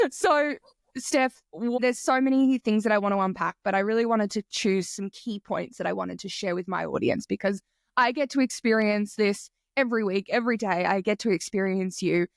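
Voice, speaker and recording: A woman's voice: mid-range voice, vocal fry, no echo, clean studio sound. A woman hosting a podcast interview, enthusiastic and casual, swearing freely and acting out quotes. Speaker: podcast host.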